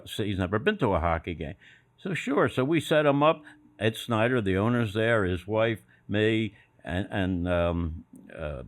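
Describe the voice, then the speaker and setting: An older man, a guest on a podcast, telling anecdotes in a casual, animated way and laughing at his own stories. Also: lowish voice. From Philadelphia area. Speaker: guest, former sports executive. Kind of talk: casual storytelling interview.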